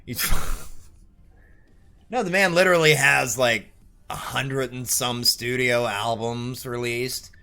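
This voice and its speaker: A man's voice: medium pitch, slow pace, creaky, pushed and bright. A man hosting a stream, chatting casually with jokes and swearing as he rambles about music and games. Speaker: streamer and show host.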